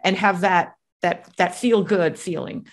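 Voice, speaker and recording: A woman's voice: lowish voice, fairly even intonation, unhurried. A woman interviewing a guest, asking a question while searching for her words. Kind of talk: conversational interview.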